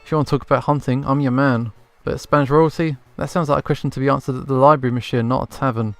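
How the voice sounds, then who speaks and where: A man's voice: medium pitch, steady tone, fast, creaky, no room sound, faint music behind, natural voice. A man voicing a boastful, self-assured male hunter telling a story in a video game.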